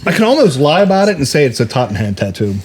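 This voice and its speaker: Man, guest on a drinks podcast, very lively up-and-down voice, playful, faint hiss behind him. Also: fairly high pitch. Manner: playful, quick denials, laughing. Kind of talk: casual chat over drinks.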